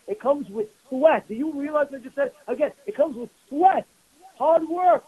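A man's voice: very high-pitched, moderate pace, breathy edge, narrow, tinny audio. A man, a rabbi, giving a Torah class sermon, emphatic and repetitive, firing rhetorical questions at his students. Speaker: rabbi teaching a weekly class.

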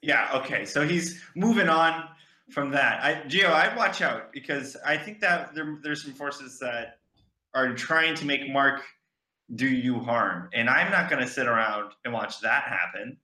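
Male co-host, sharp bright voice, roomy echo on the track; earnest, rambling and loose. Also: mid-range voice, unhurried. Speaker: podcast co-host. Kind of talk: comedic podcast banter. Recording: echoey room sound.

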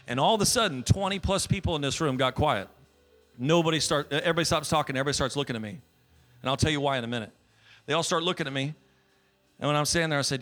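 A young man preaching a sermon as a guest pastor, telling a personal story that builds to shouted praise. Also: fairly high pitch, quick pace, soft background music.

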